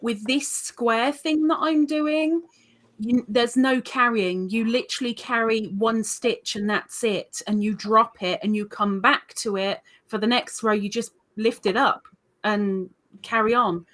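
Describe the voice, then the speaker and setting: A woman's voice: on the high side, fairly even intonation, measured pace, a bit bright. A woman hosting a casual crochet livestream, explaining techniques chattily with frequent restarts. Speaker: livestream host. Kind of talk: casual crafting chat.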